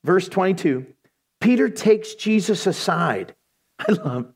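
A male pastor preaching a sermon to a congregation, animated and jokey, often acting out voices. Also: high-pitched, slow pace, slightly rough. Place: church before a congregation.

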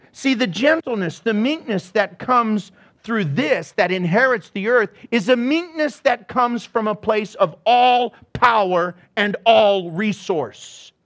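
A man preaching a sermon with dramatic swings from soft asides to shouts, often acting out voices. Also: high-pitched. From United States. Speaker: pastor.

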